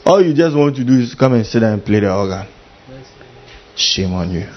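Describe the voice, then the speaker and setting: A man preaching a sermon as pastor, animated and full of mimicry, with a husky voice. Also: lowish voice, moderate pace, muffled recording, a little hiss or hum.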